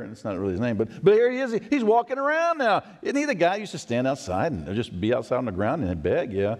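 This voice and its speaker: In a church sanctuary with long hall reverb, a pastor delivers a sermon in a medium-pitched voice. He's animated and conversational, speaking quickly with few pauses and posing rhetorical questions.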